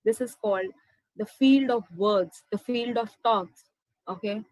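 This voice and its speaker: A young woman with an Indian English accent earnestly shares a personal spiritual story as a motivational testimony, addressing her audience as "my dear friends." Her voice is fairly high and somewhat dark, and she speaks at a measured pace. The recording is rough but has no room sound.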